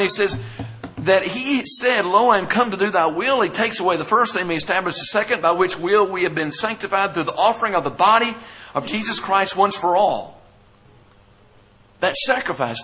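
A pastor with a high, pushed and bright voice preaches a sermon, reading scripture aloud and posing questions to the congregation that he then answers himself. The recording is rough.

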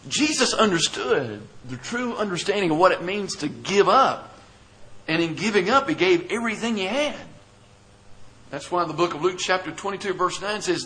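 A man's voice: high-pitched, lively intonation, normal speed, pushed and bright, poor audio. A man, the pastor, preaching a sermon, reading scripture aloud and asking the congregation questions he then answers.

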